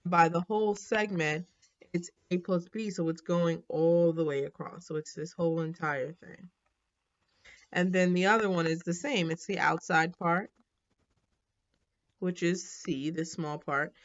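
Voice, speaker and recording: Relaxed woman teaching math, lo-fi sound. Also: lowish voice, measured pace. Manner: relaxed, thinking aloud with frequent ums and self-corrections. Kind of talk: casual whiteboard lesson.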